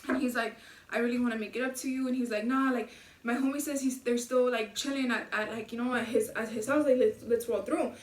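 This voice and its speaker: Young woman, high-pitched, lively storyteller who swears a lot, recorded in an echoey room with the mic set back. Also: fairly quick, far from the mic. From Los Angeles area. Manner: animated, swears a lot, acts out the men's voices. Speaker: vlogger telling a story. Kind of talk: casual storytime.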